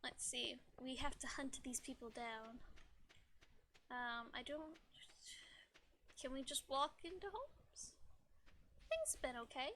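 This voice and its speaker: A young woman streaming a farming game, chatting softly and slowly with playful mumbled asides. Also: high voice, animated, slight background noise. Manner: soft, slow and playful, with little mumbled asides. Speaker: VTuber streamer. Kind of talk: casual gameplay chat.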